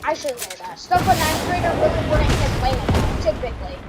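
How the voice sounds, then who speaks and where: A woman's voice: high voice, sing-song, a little fast, over a noisy crowd, heavy background noise. A teenage girl telling a rambling storytime while gaming, filling her talk with "like". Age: teens. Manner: rambling, heavy filler "like". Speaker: streamer. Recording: loud game music behind.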